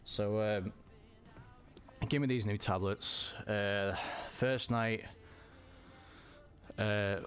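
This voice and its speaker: A man telling a personal story in a halting way, often repeating words and restarting. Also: on the low side, fairly even intonation, faint music behind. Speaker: vlogger.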